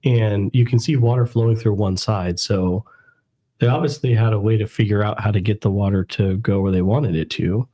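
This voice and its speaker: A man co-hosting a casual talk stream, explaining things in a measured way. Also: on the low side, steady tone, dark tone. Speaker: podcast co-host. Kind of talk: casual chat.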